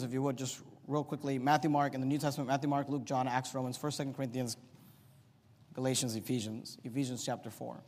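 A middle-aged male pastor preaches with a high voice, rising to loud, emphatic points and then dropping to quiet asides. His voice carries a long reverb, as in a large church hall. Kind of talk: sermon.

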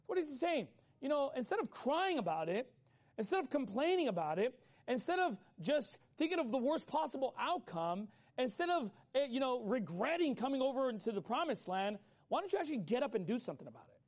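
A man preaching a sermon in a casual, conversational way, acting out people's complaints and urging listeners to get up and act. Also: very high voice. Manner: fast, animated delivery. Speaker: pastor.

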